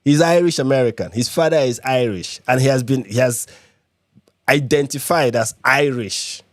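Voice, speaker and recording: Man from Nigeria, live reaction host, emphatic, repeats himself, mid pitch, dead dry room. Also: normal speed, dry recording. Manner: emphatic, repeats points, many fillers. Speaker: livestream host.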